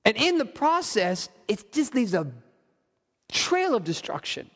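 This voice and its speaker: Man, preacher, high voice, wry asides between readings, long hall reverb. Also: wildly swooping pitch, measured pace, a bit bright. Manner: reads scripture aloud and adds wry asides. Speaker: pastor. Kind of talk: sermon.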